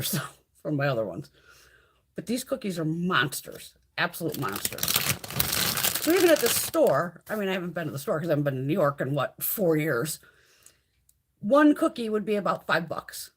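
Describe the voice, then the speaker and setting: Woman, middle-aged, livestream host, profane casual chatter, husky voice. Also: on the low side. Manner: chatty and profane, reads out viewer comments. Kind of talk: casual live chat.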